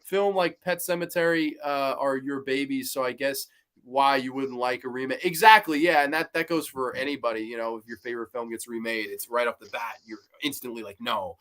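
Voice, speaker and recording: A man hosting a podcast, casually reviewing horror movies in an animated way, swearing freely and laughing as he retells scenes. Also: medium pitch, a little fast. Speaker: podcast host.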